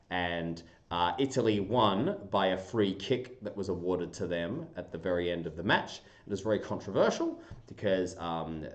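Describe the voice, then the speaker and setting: An Australian man hosting a casual livestream, talking in an animated, jokey way. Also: low voice. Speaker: livestream host, heavy metal singer.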